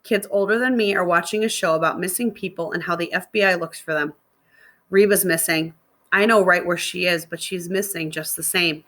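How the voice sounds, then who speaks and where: A woman, a middle school teacher, reading a novel aloud to her students in a steady narrating voice. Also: fairly low pitch, fairly quick.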